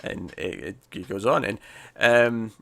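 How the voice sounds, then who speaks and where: Recapping a TV episode on a laid-back review podcast, this co-host has a fairly low, creaky voice that sounds pushed and bright. His telling wanders and keeps restarting, and he performs scenes in rapid character voices.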